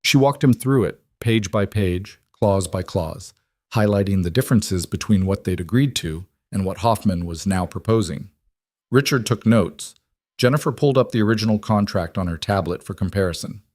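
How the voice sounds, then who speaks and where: Male narrator, low and steady, dry close read for scripted drama storytelling. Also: normal speed, no echo.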